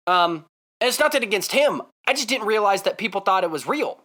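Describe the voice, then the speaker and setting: An excitable man tells a story straight to the camera, his pitch leaping up and down as he talks. His voice is bright and forceful, and he keeps coming back to the same point with emphatic repeats. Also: fairly quick. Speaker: vlogger.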